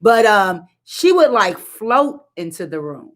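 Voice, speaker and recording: Slow emphatic woman preacher. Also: mid-range voice, very animated, a bit bright. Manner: emphatic repetition and call-outs to the audience; colloquial, sassy asides. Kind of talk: live-streamed sermon.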